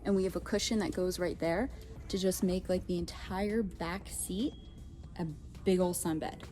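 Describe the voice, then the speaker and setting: Woman vlogger, lowish voice, breathless and rambling, music underneath. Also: steady tone, unhurried, dark tone. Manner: chatty, filler-heavy, self-correcting. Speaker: vlogger giving a boat tour. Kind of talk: casual walkthrough. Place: on a boat.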